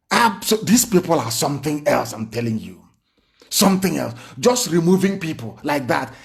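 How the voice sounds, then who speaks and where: A man's voice: fairly high pitch, animated, moderate pace, creaky. A man giving an impassioned, indignant livestreamed speech full of rhetorical questions. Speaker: political speaker.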